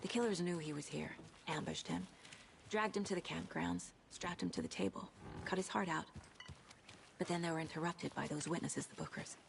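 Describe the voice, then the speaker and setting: A composed woman FBI profiler from a video game. She reasons aloud in a measured, analytical way, her lowish voice carrying a gravelly edge. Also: a little hiss or hum.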